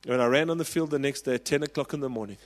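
A South African man in his forties preaching a sermon, telling a personal story with passion and rising to loud calls. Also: medium pitch, rapid-fire, long reverb tail. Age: 40s. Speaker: pastor.

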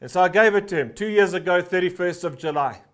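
A man's voice: high-pitched, expressive, fast talker, fairly bright tone. A man preaching a sermon, telling stories with many "uh" fillers and hammering a short refrain again and again. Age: 50s. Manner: fervent, repeats a short refrain for emphasis; storytelling with frequent "uh" fillers. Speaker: pastor.

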